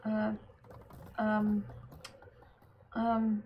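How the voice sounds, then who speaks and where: A woman's voice: medium pitch, monotone, very slow, dull audio, a little hiss or hum. A woman streamer casually talking to herself while playing, muttering, trailing off and often half-whispering. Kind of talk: casual gameplay commentary.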